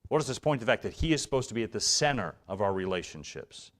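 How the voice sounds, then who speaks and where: Low-voiced earnest preaching man. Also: animated. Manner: earnest preaching with sudden drops to a soft near-whisper and quick rising outbursts. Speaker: evangelist preacher. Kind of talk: sermon. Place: church sanctuary.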